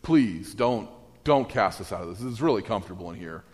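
A man's voice: lowish voice, lively intonation, a little fast, darkish tone, slightly rough, voice pushed down. A man putting on the voice of a cowering, blustering male demon in a sermon, exaggerated and pleading. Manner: pleading then boastful, exaggerated. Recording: echoey hall.

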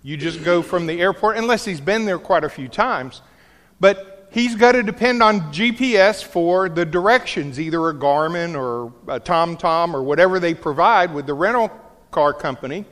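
Animated high-voiced male preacher in a reverberant hall. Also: normal speed. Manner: storytelling, animated, jokey asides. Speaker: pastor. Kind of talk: sermon. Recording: large hall with long reverb.

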